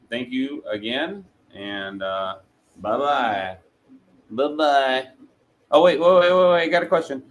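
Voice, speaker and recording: A man in the middle pitch range chats loosely with his livestream viewers, rambling from thought to thought. Faint background noise sits under his voice. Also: a bit bright, poor audio. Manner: laid-back, rambling, talks to chat. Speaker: 3D printing livestreamer. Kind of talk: casual livestream chat. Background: printer running.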